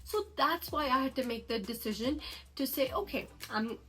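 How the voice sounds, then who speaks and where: A woman's voice: sits high, normal speed, fairly bright tone, low-quality recording. Upbeat chatty young woman giving advice. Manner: chatty, earnest and upbeat, laughs easily. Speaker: relationship coach. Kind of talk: casual advice vlog. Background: background music.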